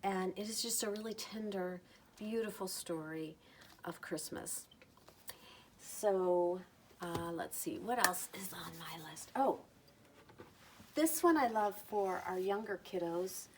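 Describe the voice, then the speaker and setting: A middle-aged woman talking casually about books she loves, gentle and enthusiastic, lingering over her words. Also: mid-range voice, slow pace, long pauses, a little hiss or hum. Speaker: book vlogger. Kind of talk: casual recommendation talk.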